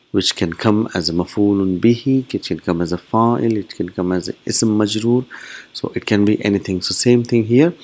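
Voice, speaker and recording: A man teaching an Arabic grammar lesson, explaining patiently, repeating key phrases and jumping up in pitch on words he stresses. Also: a little mellow.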